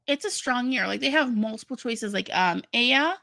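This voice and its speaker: A woman co-hosting a casual livestream, joking wryly and filling pauses with "um" and "like". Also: on the high side, lively intonation, gravelly, pushed and bright. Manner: wry, joking, many "um" and "like". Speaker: co-host of a livestream. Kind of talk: casual chat.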